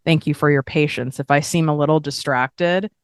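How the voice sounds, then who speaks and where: Low-voiced blunt woman coaching. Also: normal speed, dry recording, clean studio sound. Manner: blunt, swears freely, animated with emphatic asides. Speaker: podcast host and business coach. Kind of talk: casual coaching monologue.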